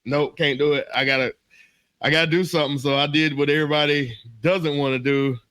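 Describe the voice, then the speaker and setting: Man, podcast co-host, animated storyteller, bright tone, high voice. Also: fairly quick, smooth, dry recording. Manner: animated, laughing, acts out his own panicked voice. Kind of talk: casual comedic storytelling.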